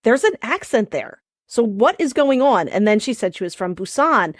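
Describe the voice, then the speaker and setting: Woman, podcast co-host, casual chat, higher voice, dry close sound, chatty, laughing. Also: very animated, moderate pace, no room sound. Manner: chatty, laughs often, trails off and restarts.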